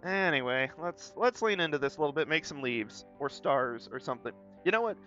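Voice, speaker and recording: A man's voice: on the high side, expressive, fairly quick, pushed and bright. A young man with a light Southern US accent, chatting in a rambling, self-deprecating way while he draws on stream. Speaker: art streamer. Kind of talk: casual chat while drawing. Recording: slightly dull sound, faint guitar music.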